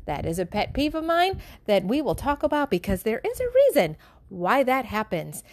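A woman's voice: a little high, no echo. A mother and wife speaking frankly to her listeners in a candid monologue, blunt and swearing freely. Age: adult with children. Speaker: mother and wife hosting a show.

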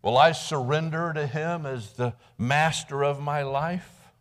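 In a church sanctuary, a Midwestern American man preaches a sermon in a voice on the high side, speaking a little slowly. He tells the story conversationally, acting out quotes dramatically and often restarting, repeating words as he does.

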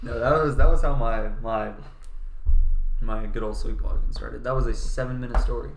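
A man's voice: mid-range voice, steady tone, normal speed, soft background music. Casual man in an echoey room. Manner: loose, filler-heavy storytelling. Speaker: podcast co-host. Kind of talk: casual chat.

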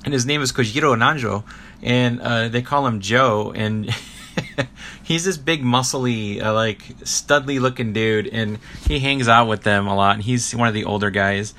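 A man's voice: medium pitch, unhurried, sharp tone. A man hosting a podcast, recapping a show without a script in a rambling, laughing, filler-heavy way. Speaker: podcast host. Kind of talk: unscripted casual recap.

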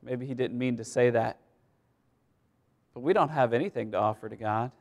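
A man's voice: medium pitch, moderate pace, darkish tone. A male pastor preaching a sermon in a conversational way, repeating words and laughing as he goes.

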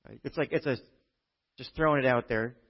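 A man preaching a sermon to a church congregation, chatty and full of rhetorical "right?" checks, dropping from loud emphasis to quiet asides. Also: medium pitch, brisk. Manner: conversational, with frequent rhetorical "right?". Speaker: pastor. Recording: dull, muffled lo-fi recording.

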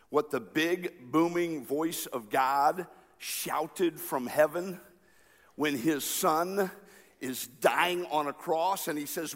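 Preaching man in a big echoing hall. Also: fairly high pitch. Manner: dramatic swings between shouting and quiet asides. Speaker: pastor. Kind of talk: sermon. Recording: long reverb of a large hall.

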